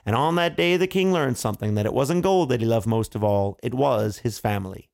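A man's voice: mid-range voice, fairly quick, vocal fry, darkish tone. A male storyteller telling a fairy tale to families with playful asides to kids.

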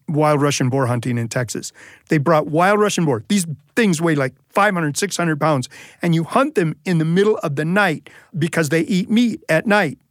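A man's voice: on the high side, dry recording, clean studio sound. A man telling a humorous personal story as a storyteller, acting out the voices of people in it. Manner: humorous, animated delivery with acted-out quotes. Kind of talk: live storytelling performance.

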